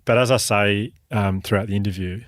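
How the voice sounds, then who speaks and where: A man's voice: lowish voice, fairly even intonation, brisk, dry recording, studio quality. A man with an Australian accent co-hosting a podcast, telling stories in a chatty way and laughing often. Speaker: podcast co-host. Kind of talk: casual podcast chat.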